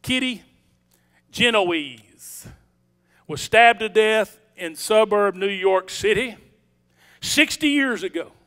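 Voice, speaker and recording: A man preaching a sermon as senior pastor, swinging between loud declarations and hushed storytelling. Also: high-pitched, lively intonation, takes it slowly, long pauses, clean tone. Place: church sanctuary.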